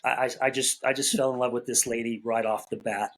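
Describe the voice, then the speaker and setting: A man's voice: medium pitch, steady tone, brisk, poor audio. A middle-aged man, a podcast guest, telling his story in a casual, folksy way, repeating words as he gathers his thoughts and acting out bits of dialogue. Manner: acts out quoted dialogue in conversation.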